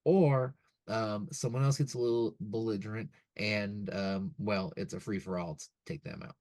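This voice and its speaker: A man's voice: lowish voice, fairly even intonation, moderate pace, a little mellow, dry recording, natural voice. Casting: blunt slangy casino bouncer, drawling threats, man voicing, dry sound. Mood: warning. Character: gruff male casino doorman, folksy and blunt.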